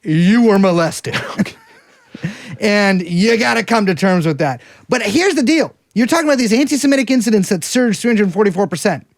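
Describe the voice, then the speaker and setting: A man's voice: sits high, lively intonation, normal speed, creaky, no echo, clean studio sound. A man co-hosting a casual podcast, rambling and sardonic, wandering through digressions. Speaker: podcast co-host.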